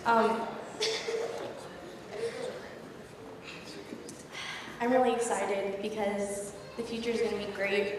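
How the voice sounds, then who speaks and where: A woman's voice: mid-range voice, little pitch movement, moderate pace, hardly any pauses, noisy background. A young woman, the bride's daughter, giving a gushing, emotional wedding toast at a reception. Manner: emotional, gushing, laughing through tears. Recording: echoey hall from far off, crowd.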